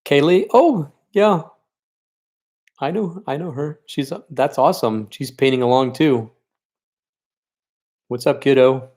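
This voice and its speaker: A man's voice: mid-range voice, unhurried, pauses often, a little mellow. A man teaching a live-streamed painting lesson, chatty and encouraging as he works, and openly sentimental about his students. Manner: chatty and encouraging, talks while working. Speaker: art teacher leading a paint night.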